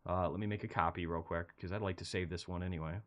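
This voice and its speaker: On a casual market commentary stream, a man with a low voice talks fast through charts, rambling conversationally with animated bursts of excitement. He's feeling unwell and low on energy, and the sound is lo-fi.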